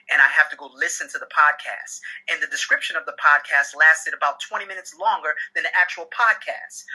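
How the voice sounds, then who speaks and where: A man in his forties performing a stand-up comedy set, telling animated stories and acting out dialogue loudly. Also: on the high side, breathy edge. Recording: phone-like audio.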